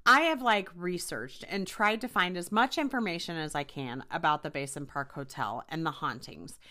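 Young woman podcaster, conversational storyteller, lively pitch, bright tone. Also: normal speed. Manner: chatty, animated retelling with frequent fillers. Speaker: podcast host. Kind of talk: casual storytelling.

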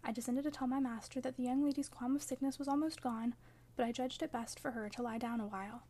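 Woman, high voice, audiobook narration, measured, expressive. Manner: measured, expressive first-person storytelling. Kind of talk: audiobook narration of a classic novel.

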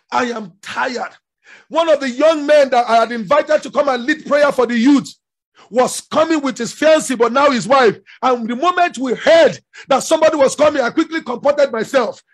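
A man preaching a sermon with passion, often shouting. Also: extremely high pitch. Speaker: pastor.

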